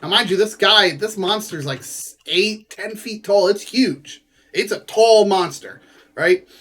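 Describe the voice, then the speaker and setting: A man with a notably high voice casually retells a story from a book, rambling through it with plenty of filler words. He breaks off now and then into playful asides to his viewers, talking from home. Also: measured pace, fairly bright tone. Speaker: book recapper.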